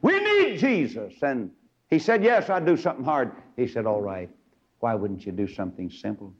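A man preaching a fiery old-time sermon, acting out Bible characters in sudden shouts. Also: mid-range voice, sing-song, moderate pace, lo-fi sound.

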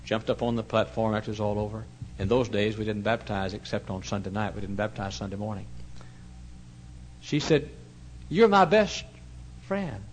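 Emotional preacher, low-voiced man. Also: monotone, quick pace, hardly any pauses, slight background noise, rough recording. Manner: emotional, swings from hushed to loud. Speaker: pastor. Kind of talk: sermon storytelling.

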